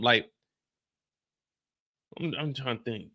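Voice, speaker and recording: A man's voice: mid-range voice, animated, moderate pace, bright, forceful tone. A young man hosting a live stream, talking loosely in a chatty, casual way and repeating "like" and "you see what I'm saying". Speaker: streamer reviewing a TV episode.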